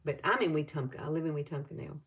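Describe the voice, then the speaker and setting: A woman's voice: deep voice, fast talker, fairly bright tone. Chatty Southern woman over fifty. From Alabama. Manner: chatty and rambling, greets viewers. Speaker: makeup tutorial host. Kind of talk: casual live makeup tutorial.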